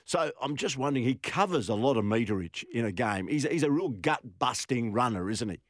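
A man's voice: medium pitch, animated, a little fast, no room sound. Man, radio co-host, easygoing, leading questions, dry voice. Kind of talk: casual radio chat.

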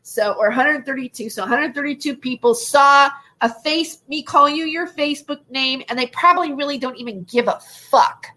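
A woman vlogger recounting an online argument in an indignant, animated way. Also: high voice, normal speed, hardly any pauses. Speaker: YouTube commentator. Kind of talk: casual vlog rant.

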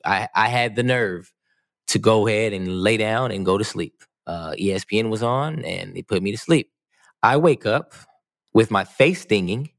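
A man with a low, gravelly voice tells a long personal story on a podcast, easygoing and prone to repeating himself. The sound is dry and close, with no room around it. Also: fairly bright tone, no room sound. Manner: laid-back storyteller, repeats words and restarts. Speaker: podcast co-host. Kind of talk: casual storytelling chat.

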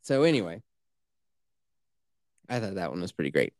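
A man's voice: sits low, sing-song, normal speed, no echo. A man co-hosting a casual podcast, cursing freely, talking sarcastically and acting out mocking voices. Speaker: podcast co-host.

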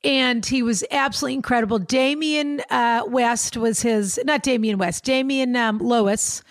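A woman's voice: a little high, steady tone, normal speed, no room sound, studio quality. A woman co-hosting a podcast in casual chat, chatty and enthusiastic, wandering off on tangents. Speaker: podcast co-host.

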